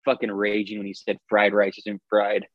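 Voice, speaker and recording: A man's voice: on the low side, completely flat delivery, moderate pace, lo-fi sound, background noise. A man in casual chat, laughing and swearing in crude banter.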